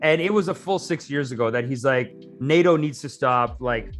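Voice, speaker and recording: A man's voice: mid-range voice, normal speed, faint music behind. A man co-hosting a casual political chat, chatty, laughing easily and reading things aloud off the screen. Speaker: podcast co-host.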